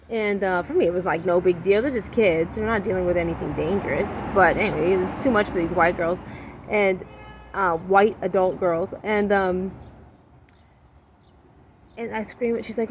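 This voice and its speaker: A woman telling a casual anecdote in an animated, blunt way, swearing freely and acting out her own lines. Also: lowish voice, moderate pace, slight background noise. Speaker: storyteller.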